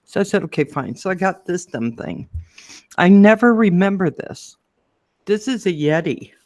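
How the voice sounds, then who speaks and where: A woman co-hosting a casual chat show, telling a lively story and acting out the people in it. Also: normal speed, dry recording, studio quality. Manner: lively storyteller, acts out quotes in a high voice. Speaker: show co-host.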